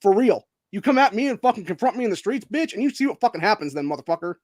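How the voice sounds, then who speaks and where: A man from Ohio hosts his own channel, launching into a heated political rant full of profanity and calling everyone "dude." His voice sits high and sounds very animated as he races along. The recording is clean studio sound with no echo.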